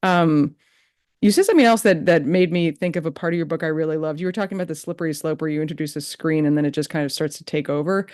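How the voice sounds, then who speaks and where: A woman hosting a podcast, chatting casually and telling a lively story with laughs. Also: low voice, quick pace. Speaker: podcast host. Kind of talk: casual interview chat.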